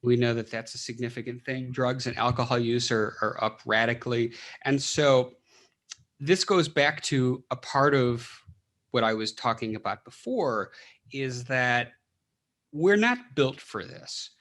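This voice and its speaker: A man's voice: mid-range voice, a little slow, a bit bright. Man explaining with rhetorical questions. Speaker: podcast guest, clinical psychologist. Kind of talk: casual interview talk.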